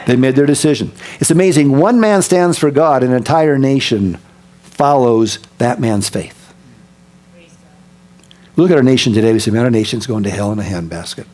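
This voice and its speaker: A man preaching a sermon as pastor, telling stories in an animated way, acting out scenes and dropping to a soft voice for emphasis. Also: medium pitch, normal speed. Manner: drops to a soft, quiet voice for emphasis.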